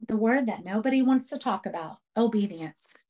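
A woman's voice: fairly high pitch, expressive, moderate pace, mellow, dull audio. A woman leading a Bible study for a women's group, earnest and emphatic, repeating key phrases as she teaches. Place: church radio program.

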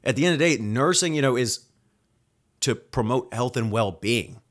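A man's voice: mid-range voice, expressive. A man who is a nurse hosting his own solo podcast, venting angrily and swearing freely as he rants about his workplace. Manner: angry, profane, rapid-fire venting.

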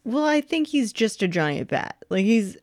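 A woman's voice: on the high side, big pitch swings, a little slow, darkish tone. A woman co-hosting a casual podcast chat about a movie, wry and skeptical with dry quips. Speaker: podcast co-host.

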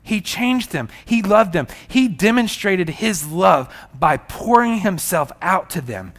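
A male pastor with a notably high-pitched voice delivers a sermon. He preaches with emphasis and circles back to repeat his key lines. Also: animated, slow pace.

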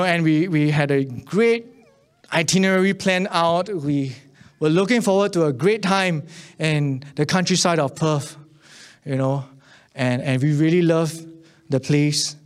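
A man's voice: fairly high pitch, clear, resonant tone. A man preaching a sermon, telling a personal story with many restarts and repeated words, then building to an impassioned appeal to the congregation. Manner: earnest, building to an impassioned altar call.

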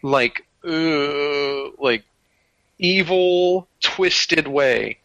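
A man's voice: on the high side, drawn-out words, bright, forceful tone, no echo, lo-fi sound. A man in a casual film discussion, talking enthusiastically with many restarts.

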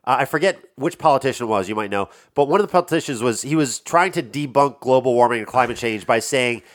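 A man's voice: medium pitch, animated, fast talker. A man co-hosting a podcast in casual banter, dry and swearing, riffing on others' jokes.

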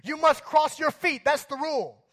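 A man's voice: very high voice, moderate pace, fairly bright tone, voice pushed up. A man doing a barking, bossy lifeguard. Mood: barking orders. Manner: barking commands like a drill sergeant. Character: bossy power-tripping male lifeguard barking orders.

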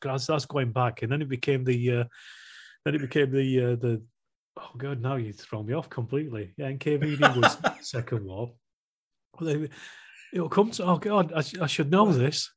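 A middle-aged man talks casually on a podcast with a husky, breathy voice at an ordinary male pitch. His humour is dry, and he often restarts his sentences mid-thought. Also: normal speed. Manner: dry humour, stumbling restarts, easy laughter. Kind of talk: casual chat.

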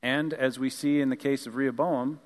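A man's voice: medium pitch, fairly even intonation, normal speed. Conversational male pastor in a reverberant hall. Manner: conversational, with casual asides between scripture readings. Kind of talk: sermon. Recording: long reverb of a large hall.

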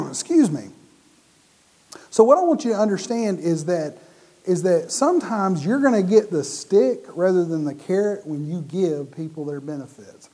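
A man preaching a sermon, animated and often restarting or repeating his words mid-sentence. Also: high voice, unhurried, slightly rough.

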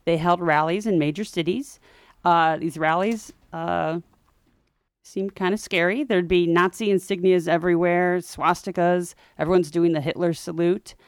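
A woman co-hosting a podcast, telling a history story in a chatty way with wry, animated asides. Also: fairly low pitch, normal speed, clear, resonant tone, no room sound. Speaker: podcast co-host.

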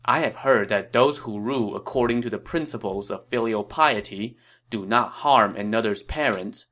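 A man's voice: fairly low pitch, normal speed, fairly bright tone, close to an everyday voice. A man voicing a proud, defiant male advisor, quoted firmly in an audio story. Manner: firm, plainly quoted lines. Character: Chen Gong, proud defiant male advisor facing execution.

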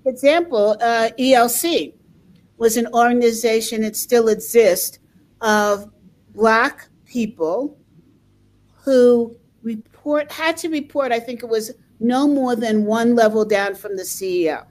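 An older woman from the United States talks slowly in a reflective, conversational way. Her voice sits a little high, and she pauses and repeats words as she works through a thought. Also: darkish tone. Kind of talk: conversational interview.

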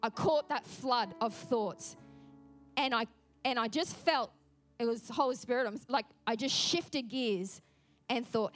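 A woman pastor preaches a sermon with a fairly high voice. She tells her story with lively storytelling and plays out her own inner thoughts. Soft music sits faintly underneath. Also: a little slow.

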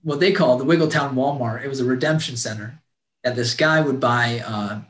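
An earnest man recounts his life story with heartfelt sincerity, stumbling and restarting as he goes. His voice sits at an ordinary middle pitch and rings out in a roomy, echoing space. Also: a little fast, a bit bright. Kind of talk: personal storytelling. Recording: roomy echo.

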